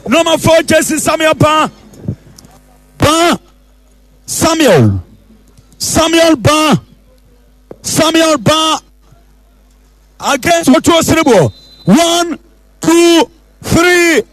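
A man with a Ghanaian accent commentating a football penalty shootout, calling out and repeating the players' names with excitement. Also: very high voice, drawn-out words, pauses often, soft background music, low-quality recording.

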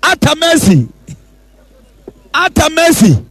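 A man with a Ghanaian accent commentating a football penalty shootout, calling out and repeating the players' names with excitement. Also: very high voice, takes it slowly, no room sound, faint music behind, low-quality recording.

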